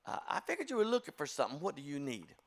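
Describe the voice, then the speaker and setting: Man playing a grinning store clerk, high, eager, chipper. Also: wildly swooping pitch, very fast, gravelly, full character voice. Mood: overjoyed. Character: overly cheerful male liquor store clerk.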